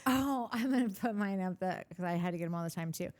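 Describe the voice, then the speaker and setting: Brief: woman co-host, mid-pitched, laughs easily, storyteller who acts out quotes. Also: fast talker, a little mellow. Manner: laughs often, acts out quoted voices in stories. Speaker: podcast co-host. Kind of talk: casual chat, storytelling.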